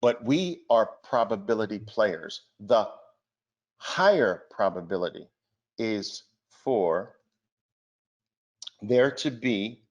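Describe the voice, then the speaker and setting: A man's voice: fairly low pitch, animated, takes it slowly, pauses often, highs cut off. A man giving a market presentation, speaking emphatically and asking the audience rhetorical questions. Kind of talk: trading seminar presentation.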